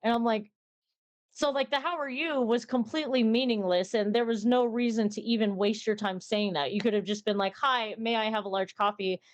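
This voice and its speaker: A talkative young woman speaks in a fairly high voice as an interview guest. She rambles through her points and acts out short exchanges in a brighter tone. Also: a little fast. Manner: chatty, rambling, acts out little dialogues with a lifted voice. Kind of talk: casual interview chat.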